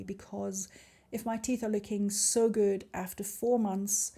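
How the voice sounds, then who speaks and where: A woman's voice: mid-range voice, flat delivery, moderate pace, vocal fry, dark tone. Heartfelt woman in her fifties vlogging. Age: 50s. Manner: candid and heartfelt, openly emotional. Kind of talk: personal video diary.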